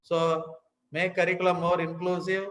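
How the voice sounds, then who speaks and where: A man giving a lecture, explaining point by point, repeating key words and often pausing with "you know" and "uh" as he reassures his listeners. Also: sits high, little pitch movement, a bit bright, roomy sound, slight background noise, low-quality recording. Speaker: speaker at an education summit. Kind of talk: lecture presentation.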